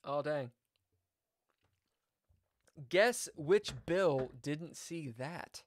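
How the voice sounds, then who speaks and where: A man's voice: fairly high pitch, extremely slow, long pauses, no echo, clean studio sound. A man chatting casually on a live chess stream, reading viewer comments aloud and jumping from topic to topic. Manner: chatty, jumps between topics, reads chat aloud.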